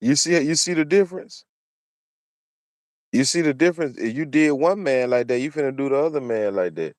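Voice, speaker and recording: This commentary channel host speaks fairly quickly with lively intonation, his mid-range voice a little mellow. Preachy and opinionated in his solo commentary, he repeats phrases to press his points, in clean studio sound with no room sound.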